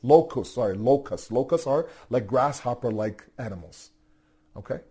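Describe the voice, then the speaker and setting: A man giving a religious storytelling lecture, animated, asking rhetorical questions and repeating his words. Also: medium pitch, normal speed, breathy edge. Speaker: religious teacher.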